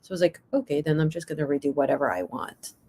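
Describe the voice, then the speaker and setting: Hesitant low-voiced woman from Belgium. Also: animated, fast, mellow, husky. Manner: hesitant, many fillers and restarts. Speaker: livestream guest. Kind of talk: casual chat.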